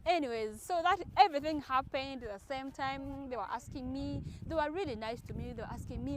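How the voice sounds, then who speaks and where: A young woman from Uganda telling a personal story to her viewers in an animated storytime vlog, talking straight to them. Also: high voice, a little fast, hardly any pauses, slight background noise. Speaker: vlogger.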